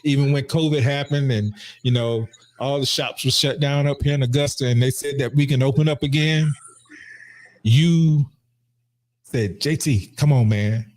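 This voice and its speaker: A man's voice: mid-range voice, steady tone, normal speed, a little mellow. A man hosting a casual podcast, talking earnestly and often repeating and restarting his words. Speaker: podcast host and barber. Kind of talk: casual heartfelt conversation.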